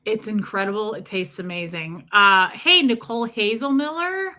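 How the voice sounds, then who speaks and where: A chatty woman hosts a casual livestream and answers her viewers' comments by name. Her voice is bright and forward, with a medium pitch. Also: moderate pace. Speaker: livestream host. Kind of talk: casual live-stream chat.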